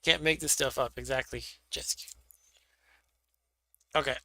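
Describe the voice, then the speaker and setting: A man's voice: mid-range voice, steady tone, a little slow, vocal fry, bright, forceful tone, no room sound. A man hosting a stream, reading a gamebook aloud and joking casually between passages. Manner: offhand, joking. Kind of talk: casual chat and read-aloud narration.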